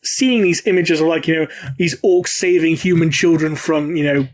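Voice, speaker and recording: A man's voice: on the high side, steady tone, moderate pace. A man chatting casually as a podcast host, rambling with lots of fillers and swearing freely.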